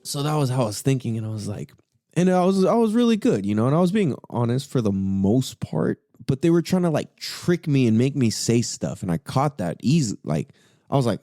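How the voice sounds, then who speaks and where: In clean studio sound without any room noise, a podcast host spins a casual, profane story at a brisk clip. He's animated, and his pitch shoots up each time he quotes himself.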